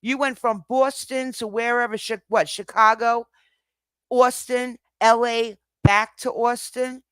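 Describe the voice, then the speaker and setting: A woman's voice: a little high, fairly even intonation, a little slow, fairly bright tone, clear, resonant tone, no echo, clean studio sound. A woman ranting angrily at her chat on a live stream, swearing constantly and lecturing. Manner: heated, profane, lecturing. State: angry.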